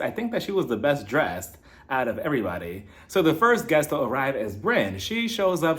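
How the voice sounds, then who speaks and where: Gossipy animated man recapping reality TV. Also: medium pitch. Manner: gossipy, animated, acts out cast members' quotes. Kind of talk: casual recap commentary.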